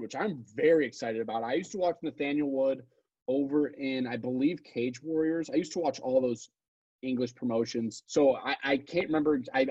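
A man's voice: mid-range voice, a little mellow, husky, dry recording, muffled recording. A man co-hosting a podcast, talking casually about betting picks with rambling asides and self-corrections. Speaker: podcast co-host. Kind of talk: casual sports betting chat.

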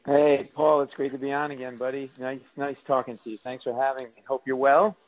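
A male comedian guest telling animated, self-mocking comic stories on a radio show. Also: mid-range voice, a little fast, dry recording, muffled recording.

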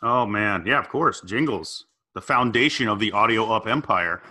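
A man co-hosting a casual comedic chat, telling animated stories and jumping up in pitch whenever he quotes someone. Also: moderate pace. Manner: animated storyteller, jumps up in pitch for quoted voices. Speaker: podcast co-host.

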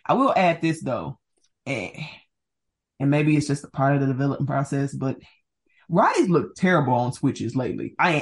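A woman co-hosting a sports podcast in casual chat, talkative and laughing often. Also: sits low. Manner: chatty, laughs often, hedging with "like". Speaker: podcast co-host.

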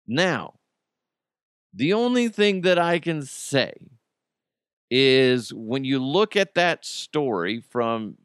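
A man's voice: mid-range voice, fairly bright tone, clear, resonant tone, no room sound, studio quality. A man hosting a podcast, telling a story in a loose, conversational way with fillers and restarts. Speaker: podcast host. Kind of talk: casual storytelling.

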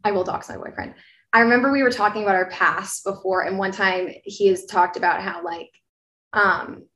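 A woman's voice: medium pitch, a bit bright. Rambling young woman in an echoey room. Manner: rambling, filler-heavy, self-apologizing. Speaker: podcast co-host. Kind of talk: casual chat. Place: apartment bedroom, from the US.

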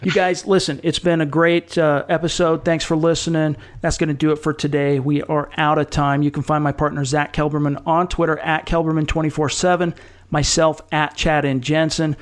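A man's voice: fairly high pitch, level tone, moderate pace. A man hosting a sports podcast, talking casually and upbeat, plugging subscriptions. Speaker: podcast host.

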